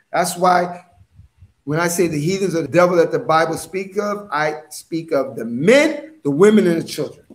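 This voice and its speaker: Forceful preaching man in an echoey room. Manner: forceful, with sudden swings from loud to low. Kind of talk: impassioned preaching monologue.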